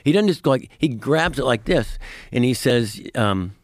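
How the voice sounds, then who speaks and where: A man, a comedian guest, telling stories in casual chat in an animated, profane, laughing way. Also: medium pitch, normal speed, dry recording.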